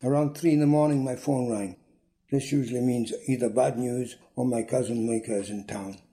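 A man reading a short story aloud in a dry, deadpan manner. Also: mid-range voice, normal speed. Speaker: reader.

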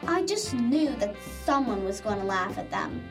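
A woman reading a simple personal story aloud in a lively way, like a school essay. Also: mid-range voice, normal speed. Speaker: narrator. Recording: distant mic under loud music.

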